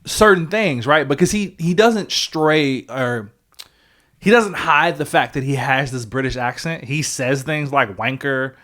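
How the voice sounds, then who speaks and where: In an unhurried mid-range voice, a man co-hosting a podcast keeps the chat casual and animated. He reasons out loud and swears now and then.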